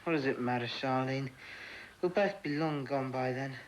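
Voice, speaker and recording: A man's voice: a little high, lively intonation, measured pace, a little hiss or hum, pitched above the performer's own voice, rough recording. A man voicing a grumpy, sickly puppet patient who complains wearily in a comedy sketch. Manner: weary, complaining.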